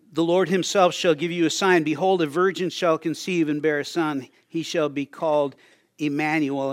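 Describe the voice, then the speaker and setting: An older man preaches a sermon in a fairly high voice, as a storyteller who chuckles along and restarts his phrases. The sound is dry and close, with no room around it. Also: no echo. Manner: storytelling, chuckling, repeats words as he goes. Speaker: pastor.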